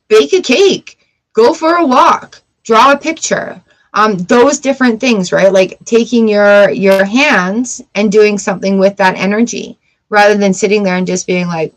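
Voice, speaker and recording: A woman's voice: mid-range voice, normal speed, low-quality recording. Candid woman giving casual advice. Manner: candid, encouraging, self-talk asides. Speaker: tarot livestream host.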